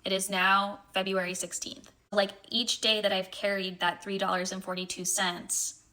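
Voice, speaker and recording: A woman's voice: medium pitch, flat delivery, normal speed, bright, forceful tone, poor audio. A thirty-year-old woman talking to camera, confused and exasperated as she explains. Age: 30s. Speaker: social media poster. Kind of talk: casual talk to camera.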